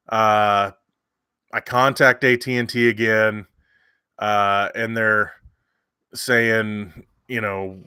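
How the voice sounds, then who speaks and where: A man's voice: fairly low pitch, bright, forceful tone, smooth, dry recording, clean studio sound. A man, hosting a livestream and telling a long story in casual chat with many fillers and restarts. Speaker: livestream host.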